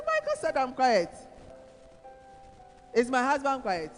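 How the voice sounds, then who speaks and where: Lively Ghanaian woman preaching in a hall. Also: high voice, a little slow, long pauses. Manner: lively, teasing, calls on audience members by name. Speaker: conference speaker. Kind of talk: sermon. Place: church hall. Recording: long hall reverb, faint music.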